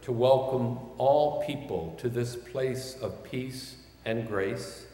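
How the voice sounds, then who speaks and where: A man preaching a sermon as pastor, measured and building toward shouted refrains. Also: medium pitch, a little hiss or hum. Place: large church sanctuary. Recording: roomy church with long reverb.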